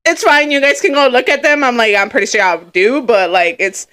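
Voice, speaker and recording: A woman's voice: on the high side, fairly quick. A woman co-hosting a casual podcast, telling stories with acted-out quotes and frequent laughter. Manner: laughs often, animated storytelling with put-on quotes. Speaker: podcast co-host. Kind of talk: casual chat.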